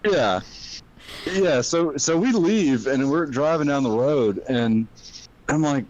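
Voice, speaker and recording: A man at an ordinary middle pitch, talking in a loose podcast chat. He tells stories casually, swears freely and often stops to restart a sentence. The recording sounds dull and lo-fi. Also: animated, slow, a little mellow. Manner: storytelling, profane, hesitant restarts. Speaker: podcast guest. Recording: dull lo-fi audio.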